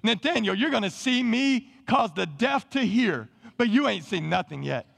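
A man voicing Jesus as a gently teasing teacher in a folksy paraphrase, during a sermon. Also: high voice, lively intonation, normal speed, creaky, long reverb tail, exaggerated voice. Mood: building.

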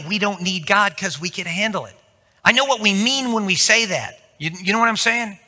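A male pastor with a very bright, tense voice that sits a little high for a man. He delivers a sermon in a church sanctuary, acting out the people in his stories, and his voice rings with the long reverb of a big hall. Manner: storytelling, acting out quoted voices.

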